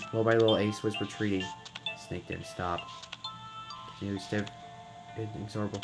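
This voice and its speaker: A man with a lowish voice narrates a visual novel, reading it dramatically. He trips over a word now and then, and faint music plays under him. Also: fairly even intonation, normal speed, pauses often. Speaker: game reader and narrator.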